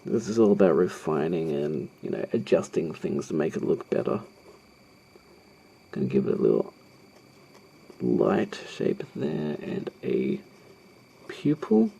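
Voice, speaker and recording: Guy walking thru a drawing tutorial, low gravelly voice, loads of ums, swings way up and down. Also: big pitch swings, a little slow, long pauses, warm tone. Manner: hesitant, rambling, self-deprecating, many ums. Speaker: art tutorial host. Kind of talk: narrating a live drawing tutorial.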